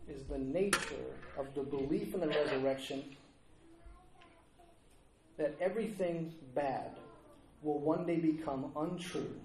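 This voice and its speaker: Earnest preacher in an echoey hall. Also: male voice, on the high side, dark tone. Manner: earnest, with rhetorical questions. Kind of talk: sermon. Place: church.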